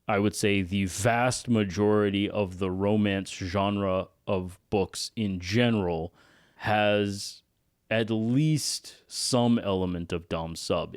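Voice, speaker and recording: A low-pitched man co-hosting a casual podcast, giving blunt opinions and tagging his points with "right?". His voice sounds close and dry, with no room around it. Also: a little mellow, no room sound. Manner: frank and opinionated, often adds "right?". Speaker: podcast co-host.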